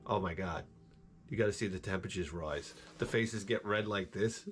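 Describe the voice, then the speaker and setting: Low-voiced rambling middle-aged man. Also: a little fast. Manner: rambling, profane, wisecracking. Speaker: gameplay streamer. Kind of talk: casual chat while gaming.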